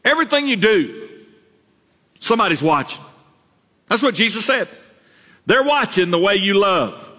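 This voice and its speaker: A man preaching a sermon as pastor, earnest, repeating words and climbing higher to stress a point. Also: animated, moderate pace, long pauses, bright, forceful tone. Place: church sanctuary. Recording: reverberant church hall.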